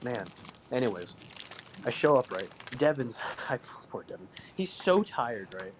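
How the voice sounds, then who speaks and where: A man's voice: medium pitch, big pitch swings, measured pace, a little hiss or hum. A man telling a long, rambling story on a casual podcast, filling it with "right?" and "you know". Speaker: podcast host.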